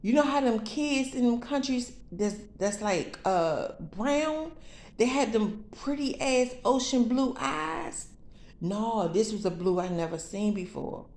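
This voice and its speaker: A woman's voice: fairly high pitch, expressive, takes it slowly, darkish tone, reverberant. A woman vlogging, telling her viewers a story in an emphatic, profane, fired-up way. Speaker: vlogger telling a spiritual vision.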